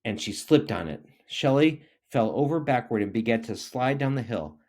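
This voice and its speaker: A man reading a children's picture book aloud, expressive and animated. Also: mid-range voice, normal speed. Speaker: reader.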